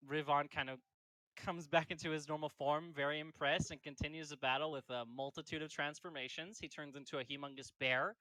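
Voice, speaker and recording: A man's voice: a little high, steady tone, brisk, bright, forceful tone, no room sound, rough recording. A man narrating as game master in a casual, rambling way with many fillers.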